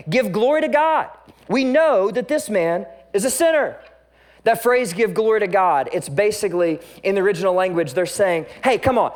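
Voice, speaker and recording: A male pastor giving a lively sermon, acting out the voices of the people in the story as he reads and explains. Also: sits high. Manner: animated, acts out the quoted voices of the story.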